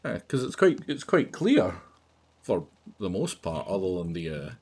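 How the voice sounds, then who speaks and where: A man talks casually through a gaming session. His voice sits low but swings up and down a lot. He muses aloud, full of fillers and half-finished thoughts. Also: big pitch swings, a little slow, darkish tone, breathy edge. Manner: musing, hesitant, many fillers. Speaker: streamer playing a factory game.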